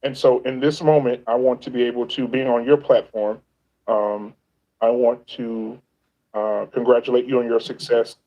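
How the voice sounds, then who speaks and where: A man's voice: medium pitch, level tone, moderate pace, dark tone, highs cut off. A man speaking as a guest on a livestream, earnest and emphatic, often restarting his sentences. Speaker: guest on a livestream, content creator. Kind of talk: casual livestream chat.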